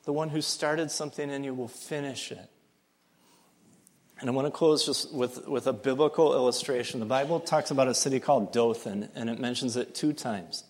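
A man preaching a sermon, telling a story in a relaxed way with chuckles, and building to loud, emphatic passages. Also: mid-range voice. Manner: chuckles between phrases.

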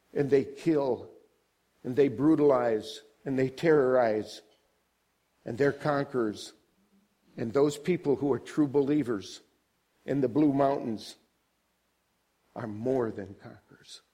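An older man delivers a sermon at an unhurried pace. He rises high and loud on key points, then sinks low and quiet, and keeps asking the congregation questions. His voice sits at a middling pitch for a man. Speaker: preacher.

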